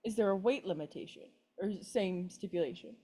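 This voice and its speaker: A woman's voice: medium pitch, fairly quick, mellow. A woman playing a tabletop role-play game, speaking hesitantly with apologetic restarts. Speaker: player.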